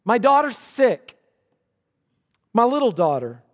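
A preacher giving voice to a frantic father who pleads high and loud for his dying child, his voice rising and falling sharply. The plea rings out through the long echo of a big hall. Every phrase presses with urgency. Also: animated, a little slow. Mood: desperate pleading. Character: desperate father begging for his dying daughter.

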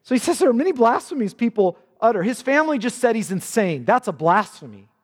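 A man's voice: very high-pitched, big pitch swings, fast, breathy edge, big-room sound. A male pastor preaching a sermon with earnest emphasis, quoting scripture dramatically.

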